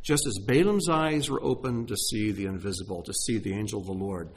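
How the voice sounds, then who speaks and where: A middle-aged man preaching a sermon, emotional, swinging from hushed asides to exclaiming. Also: lowish voice, a little fast, slightly rough. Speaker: pastor.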